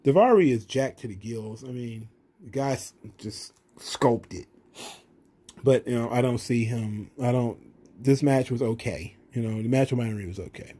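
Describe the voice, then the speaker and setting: A man's voice: medium pitch, moderate pace, warm tone, breathy edge. A man hosting a wrestling review channel, recapping a show in a blunt, profane, rambling way.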